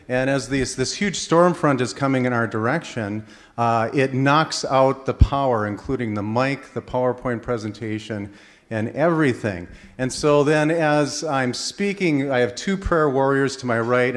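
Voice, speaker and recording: A man from Minnesota telling a string of anecdotes to an audience, animated and full of fillers and restarts. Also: mid-range voice. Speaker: speaker at a faith-based presentation. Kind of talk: storytelling talk to an audience.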